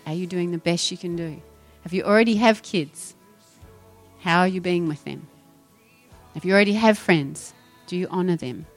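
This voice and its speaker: A woman preaching a sermon, firing rhetorical questions and acting out voices. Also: on the low side. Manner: animated, rhetorical questions, acts out quoted voices.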